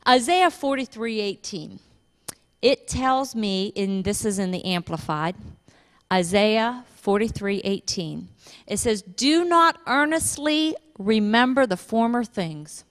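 A woman pastor preaching a sermon, telling a funny story with lively, animated delivery and laughter. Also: mid-range voice. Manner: animated storytelling, laughing at her own stories. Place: church. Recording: reverberant church hall.

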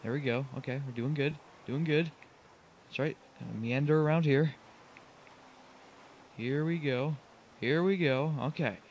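A man's voice: fairly high pitch, unhurried, pauses often, muffled recording, a little hiss or hum. A young man commenting on his own driving game run, getting frustrated, pleading with the truck and groaning at his mistakes. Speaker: gaming channel host.

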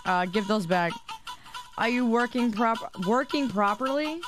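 A woman streamer, slightly hoarse, chatting casually and teasing her viewers, often stammering and repeating words. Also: a little high, animated, a little slow. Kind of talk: casual live-stream chat. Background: background music.

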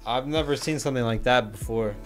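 A young man chats loosely on a livestream and reads viewer messages aloud. He jokes and talks in slang, at a medium pitch. Soft music plays faintly behind him. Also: brisk. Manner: laid-back, joking, slangy, reads chat aloud. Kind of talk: casual livestream chat.

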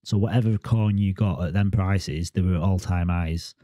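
Mellow, low-voiced man in his forties. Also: normal speed, dry recording. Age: 40s. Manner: rambling, repeats words and restarts sentences. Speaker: crypto vlogger. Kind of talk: casual vlog monologue.

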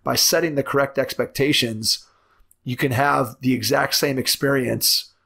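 Casting: male podcast host, gravelly and husky, steady flat delivery, reflective. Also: medium pitch. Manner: reflective, flowing commentary. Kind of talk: podcast interview.

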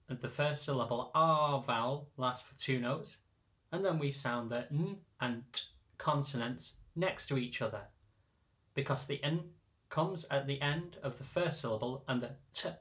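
A man who teaches choir singers, calmly explaining step by step how to read lyrics in sheet music. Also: medium pitch, a little slow. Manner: patient, methodical explaining. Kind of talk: instructional narration.

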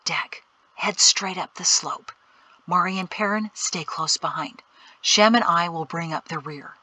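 Brief: earnest male husband and leader, read by a woman narrator, bright clear tone. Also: high-pitched, expressive, moderate pace, no echo, heavily acted, rough recording. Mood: urgent hush.

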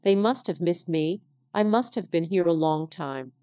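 A woman's voice: on the low side, moderate pace, mellow, no room sound, clean studio sound, lightly acted. A synthetic-voiced woman reading the part of a proud, impatient young lady with a cool, formal manner.

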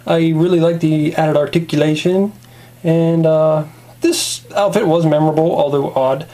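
A man's voice: on the high side, fairly even intonation, moderate pace, mellow. A man rambling casually through a toy review.

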